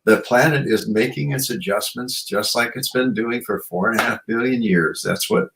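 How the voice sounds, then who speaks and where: A man guesting on a reflective interview as an author and shamanic practitioner muses earnestly, leaning often on "you know" as filler. He talks at normal speed with a medium-pitched, creaky voice, and the background is noisy.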